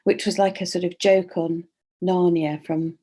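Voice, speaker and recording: A woman's voice: lowish voice, flat delivery, unhurried, warm tone. Chatty woman on a video call. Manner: chatty, rambling, laughs often. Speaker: livestream host. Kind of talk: casual chat on a livestream. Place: home. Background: dog.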